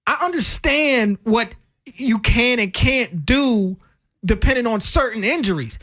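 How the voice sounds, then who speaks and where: Co-hosting a sports talk radio show, a man chats casually and gets fired up about his opinions. His high-pitched, fairly bright voice is expressive at a moderate pace, recorded dry and clean on a studio microphone in a radio studio.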